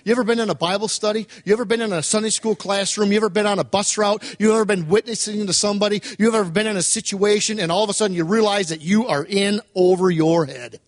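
A male preacher delivers an emphatic sermon in a high, light voice, firing off rhetorical questions. The sound is close and dry, with almost no room echo. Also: quick pace, hardly any pauses.

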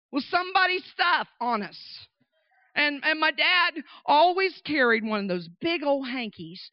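A woman preaching through a lively personal story, with emphatic, animated delivery. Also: high-pitched, a little slow, dry recording. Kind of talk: storytelling sermon. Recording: dull dry recording.

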